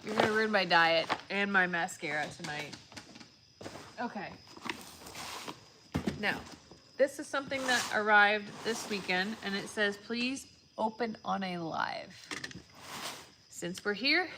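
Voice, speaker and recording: A woman's voice: medium pitch, animated, a little slow, pauses often. A woman chatting casually on a live stream while she opens gifts. She gets emotional and is often close to tears. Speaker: vlogger opening viewer gifts. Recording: loud background noise with crinkling.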